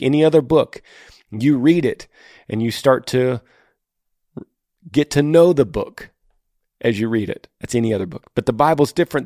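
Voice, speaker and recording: This podcast host has a lowish, darkish voice, captured in studio quality without any room sound. Answering a listener's question, he delivers earnest faith-based encouragement and leans on repeated phrases for emphasis.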